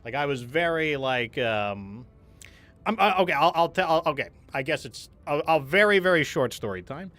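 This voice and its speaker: A man's voice: a little high, animated, normal speed, pushed and bright, soft background music. A man hosting a gaming stream, telling a candid story in a rambling, casual way with frequent restarts.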